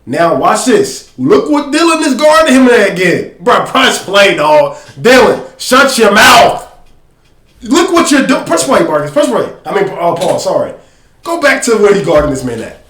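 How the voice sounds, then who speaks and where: Man, high voice, animated slangy film breakdown, echoey room. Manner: animated, slangy, directs a producer to pause and play. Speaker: podcast host breaking down game film. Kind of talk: casual sports film breakdown.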